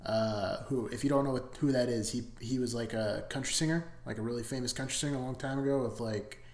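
A man's voice: medium pitch, quick pace, a little mellow, roomy sound. A man giving a casual, rambling and profane movie review, full of enthusiasm.

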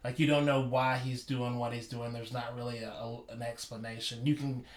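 A man's voice: mid-range voice, flat delivery, moderate pace. A man in casual podcast chat, thinking aloud with restarts as he goes. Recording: roomy room sound.

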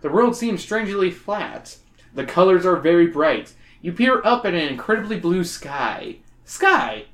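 A lower-voiced woman reads a children's book aloud on a comedy podcast, with a very animated pitch. She keeps stopping the reading to crack jokes. The sound is roomy and echoey. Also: a little slow. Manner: breaks off the reading for jokes and laughs. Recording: echoey room.

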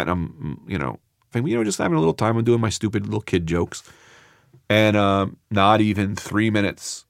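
A man telling a personal story aloud, animated and acting out the people in it. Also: fairly low pitch, gravelly, noisy background.

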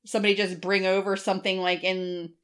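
A woman's voice: mid-range voice, a little fast. Chatty swearing woman telling a story. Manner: animated storytelling, swears freely, mimics voices. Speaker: podcast co-host. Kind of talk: casual chat.

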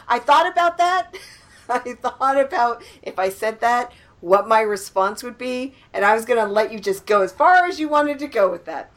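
A woman's voice: on the high side, expressive, moderate pace. A woman co-hosting a casual podcast chat, teasing and laughing often. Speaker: podcast co-host.

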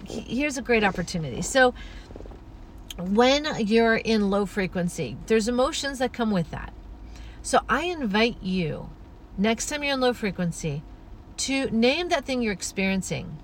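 A woman hosting a spiritual podcast, talking in a gentle, flowing, earnest way with many soft asides. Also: on the high side, slight background noise. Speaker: podcast host.

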